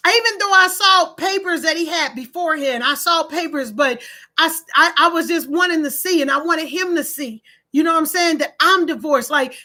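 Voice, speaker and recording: A high, bright-voiced middle-aged woman speaks. She lectures her viewers in an animated, preachy way and acts out her own past lines as she goes. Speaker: host of own video page. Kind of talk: casual talk to camera.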